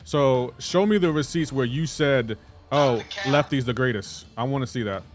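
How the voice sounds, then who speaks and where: A man's voice: medium pitch, moderate pace, over music. A man streaming a game live, chatting casually and playfully indignant as he banters with his chat.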